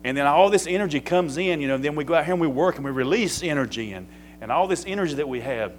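A man's voice: a little high, expressive, quick pace, a little hiss or hum, poor audio. A man preaching a sermon as pastor, in a folksy, conversational way that builds to emphatic peaks.

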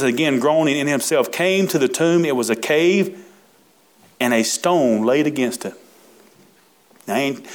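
A preacher, reading scripture in a sermon with folksy, emphatic asides and drawn-out words. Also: male voice, medium pitch.

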